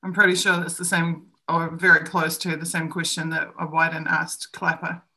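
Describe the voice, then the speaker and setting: Nz woman on a live stream, kinda low voice but bright and punchy, argues hard and does little voices of other people. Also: flat delivery, normal speed. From New Zealand. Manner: emphatic and opinionated, acting out other people's lines. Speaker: co-host.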